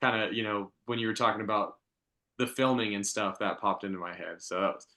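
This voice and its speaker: A podcast co-host chats casually in a rambling review conversation, full of fillers and chuckles. His voice sits on the low side, fairly quick, with a bright, forceful tone.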